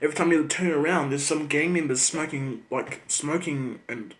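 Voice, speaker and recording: A man with a New Zealand accent rants to camera. He is profane and sarcastic, and his voice sits slightly high for a man. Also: moderate pace. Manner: angry, profane, sarcastic ranting. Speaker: channel host. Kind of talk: ranting vlog monologue.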